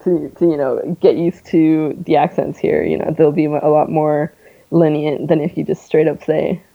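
A woman's voice: low voice, level tone, moderate pace, vocal fry. A young Canadian woman with a North American accent, chatting casually as an interview guest and laughing often between fillers. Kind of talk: casual conversation. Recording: tinny phone-like line.

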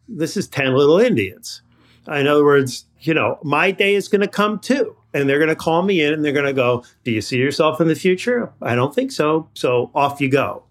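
A man's voice: mid-range voice, fairly bright tone. A man hosting an interview, asking probing questions and playing out scenarios. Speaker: interview host.

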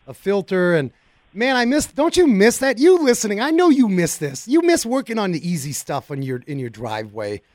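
A man hosting a car talk radio show, chatting in a folksy, excitable way and speaking straight to his listeners from a studio mic. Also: high-pitched, normal speed, no echo.

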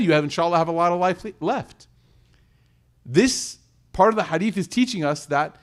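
A man in his thirties giving an earnest sermon to a gathered audience, then leading a heartfelt prayer. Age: 30s. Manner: earnest, rises in pitch for emphasis, slows on key lines. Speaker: preacher. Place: room with a live audience.

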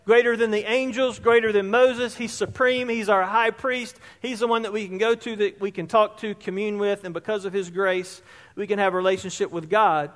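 A man delivers a sermon as a pastor, his voice sitting high for a man. He preaches emphatically, piling up repeated words to drive a point home. The sound carries a long reverb, as if filling a large church sanctuary. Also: fairly even intonation, moderate pace, fairly bright tone.

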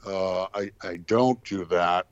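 A male actor, a guest on a podcast, giving measured, reflective answers about himself. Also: sits low, smooth, no echo, lo-fi sound. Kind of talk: casual interview.

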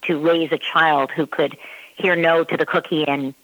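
A woman's voice: low voice, steady tone, normal speed, no echo, narrow, tinny audio. A woman parenting expert giving advice in casual talk who acts out her child's voice in quotes. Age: adult parent.

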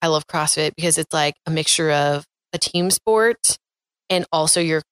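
A young woman chats as a guest, upbeat and friendly, often answering with soft "mm-hmm"s. Her voice is a little low, smooth and clear. It is recorded close in a dry room. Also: normal speed, no room sound. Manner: upbeat, frequent "mm-hmm" backchannels. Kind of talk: casual conversation.

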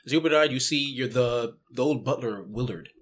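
A man narrating a tabletop role-playing game as game master, setting scenes briskly. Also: medium pitch, husky.

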